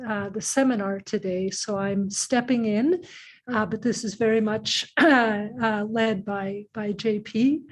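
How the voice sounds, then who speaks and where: Hoarse woman, middle-aged, slow measured seminar talk, somewhat high voice, frequent pauses. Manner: measured, pausing often with fillers. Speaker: invited seminar speaker, climate scientist. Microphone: video call.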